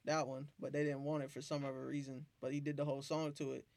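A man, a beat producer, telling profane, animated stories in a casual interview. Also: medium pitch, fast, vocal fry, dry recording. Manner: profane, animated storytelling with acted-out quotes.

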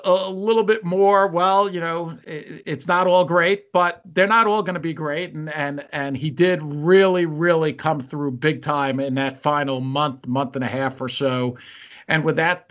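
A man co-hosting a podcast, talking casually about concert tours in a measured, wry way. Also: on the high side. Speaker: podcast co-host. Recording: dull lo-fi sound.

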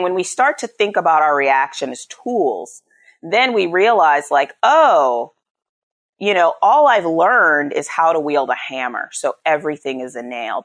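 A woman in her thirties talks as a parenting coach on a podcast, voice sitting a bit low but swinging widely in pitch. She acts out little quoted lines, jumping high and then dropping back down. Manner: animated, acts out quotes with big pitch jumps. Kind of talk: podcast interview.

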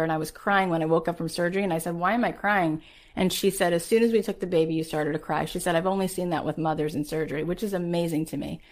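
A woman in her forties with a lowish voice hosts a podcast. She tells a personal story emphatically and motivationally, posing rhetorical questions along the way.

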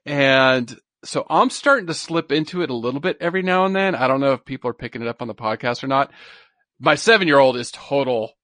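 A man's voice: mid-range voice, a little fast, a bit bright, no echo. Man, podcast co-host, enthusiastic, repeats himself, dry close sound. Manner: enthusiastic, repeats words for emphasis. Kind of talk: casual chat.

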